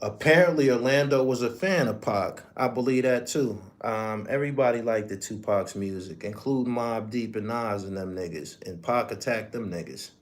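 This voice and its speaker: A man's voice: on the low side, moderate pace, few pauses. A man hosting a podcast, telling a story in blunt, profane, emphatic casual commentary. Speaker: podcast host.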